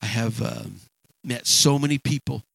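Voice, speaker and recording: A man preaching a sermon in a halting, emphatic way, often repeating words. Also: mid-range voice, fairly even intonation, creaky, fairly bright tone, no room sound, rough recording.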